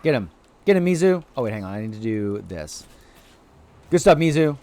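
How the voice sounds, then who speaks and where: A man streaming a video game live, chatting excitedly to viewers and cheering on his creatures, with sudden high-pitched exclamations. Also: normal speed. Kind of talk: live gameplay commentary.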